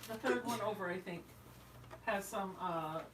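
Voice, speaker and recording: A woman's voice: medium pitch, unhurried, roomy sound. A woman hosting a live sewing stream, chatting casually and laughing often while she works. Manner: chatty, laughs often, hums silly tunes. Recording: distant mic in a noisy room.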